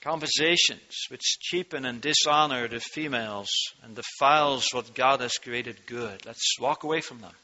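A man preaching an earnest sermon, his voice rising in pitch and force when he reads from scripture. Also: normal speed, hardly any pauses, bright, forceful tone, highs cut off. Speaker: pastor.

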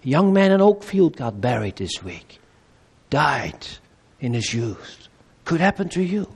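A male pastor delivering a sermon, swinging between raised, urgent appeals and low, quiet pleading, with measured pauses and repeated phrases. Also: big pitch swings, vocal fry, breathy edge. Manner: preaching with wide swings between loud high appeals and low quiet pleas.

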